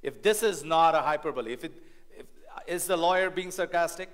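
A man preaching a sermon as family pastor in a church, animated and rhetorical, often checking in with the congregation. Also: fairly high pitch, fairly quick.

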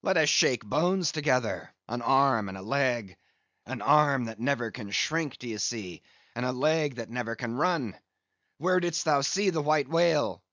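A man voicing a gruff, obsessed old one-legged sea captain in an audiobook. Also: medium pitch, animated, unhurried, a bit bright, no echo, highs cut off. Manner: gruff, exclamatory.

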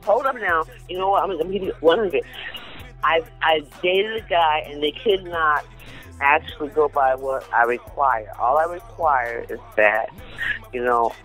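A woman's voice: low-pitched, moderate pace, fairly bright tone, faint music behind, poor audio. A woman from Compton, emphatic and direct, telling her story in a casual chat. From Compton, Los Angeles. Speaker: guest.

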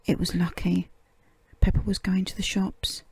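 A woman's voice: on the low side, flat delivery, normal speed, creaky, slightly rough, no room sound, exaggerated voice. A woman voicing a motherly grown-up sheep in a whispered storybook reading.

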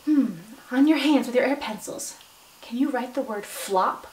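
A woman teaching a phonics lesson to young children, slow and encouraging, stretching out word sounds, with bursts of excited praise. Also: a little high, recorded from a distance. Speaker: substitute teacher. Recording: echoey room, voice from off-mic.

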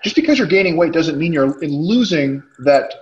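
A man's voice: fairly high pitch, animated, moderate pace, muffled recording, a little hiss or hum. A man co-hosting a webinar, explaining points in casual chat and often checking with "right?". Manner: explanatory, keeps asking "right?". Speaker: co-host. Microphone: video call.

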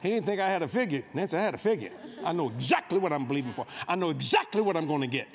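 A man with a fairly high, sing-song voice rattles off a folksy, humorous sermon at rapid-fire speed as guest preacher. Speaking into a stage microphone in a large convention hall, he jokes and spins stories.

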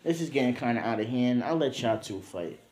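A man's voice: mid-range voice, lively intonation, fairly quick, a little mellow, roomy sound, close to an everyday voice. A man voicing a cocky male warrior who talks boastfully and offhand.

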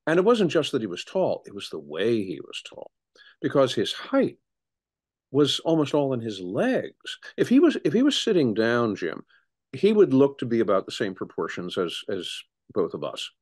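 A middle-aged man, a historian, speaking as an interview guest in an animated storytelling way with frequent restarts. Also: medium pitch, moderate pace, husky. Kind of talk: conversational interview.

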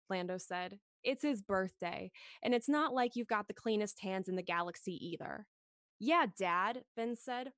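A woman podcast host reading a story aloud in a gentle, expressive read-along style, lifting her voice for the dialogue. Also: mid-range voice, no echo.

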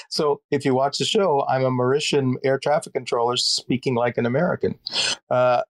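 A man with a Canadian accent, an actor talking as an interview guest, thoughtful and unhurried, with frequent fillers and restarts. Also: medium pitch, steady tone, no room sound. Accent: Canadian English. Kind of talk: reflective conversational interview.

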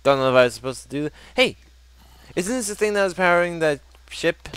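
A man's voice: a little high, brisk, clear, resonant tone, no room sound. Young guy narrating a game, voice bouncing all over, jokey. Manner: animated, joking, reads game text aloud. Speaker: gameplay commentator. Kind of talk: casual let's play commentary.

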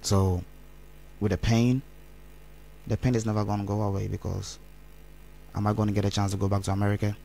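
A man's voice: fairly low pitch, level tone, a little fast, gravelly, long pauses, warm tone, a little hiss or hum. A man, rambling as an interview guest and mixing Twi phrases into his English. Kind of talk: candid interview talk.

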